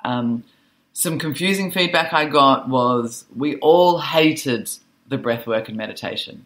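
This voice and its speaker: A woman social worker and author, a guest on a podcast, telling animated stories about teaching teenagers and laughing easily. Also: very deep voice, measured pace, a little hiss or hum. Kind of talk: conversational interview.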